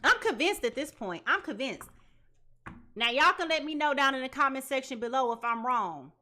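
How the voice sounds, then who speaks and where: A woman giving a live tarot reading to her viewers, talking in an animated, dramatic way. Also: sits high, moderate pace, a little hiss or hum. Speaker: tarot reader.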